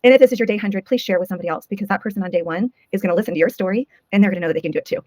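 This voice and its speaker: A woman's voice: mid-range voice, very fast, darkish tone, no echo. A woman co-hosting a fitness summit, giving emphatic, emotional encouragement to viewers. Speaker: co-host and summit organizer. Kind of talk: motivational talk.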